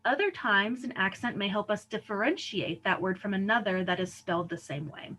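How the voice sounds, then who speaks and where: A woman's voice: mid-range voice, lively intonation, brisk, bright, forceful tone, a little hiss or hum, poor audio. A woman teacher giving a recorded lesson, explaining patiently and often checking in with "right?" and "okay?". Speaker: Spanish teacher.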